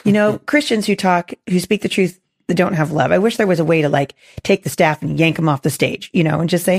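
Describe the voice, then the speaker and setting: A woman hosting a faith podcast, hoarse with a gravelly voice, earnest and encouraging with many restarts. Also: fairly low pitch, fairly quick, a little mellow. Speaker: podcast host.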